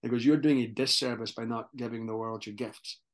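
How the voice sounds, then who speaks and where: Scottish male coach, mid-pitched, animated and motivational, podcast guest. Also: a little fast. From Scotland. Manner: animated, motivational, many restarts. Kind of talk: casual podcast conversation.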